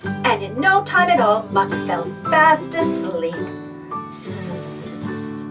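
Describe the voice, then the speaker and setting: A woman gently reading a children's storybook aloud as a storyteller. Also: fairly high pitch, very animated, unhurried, distant mic, loud music behind the voice.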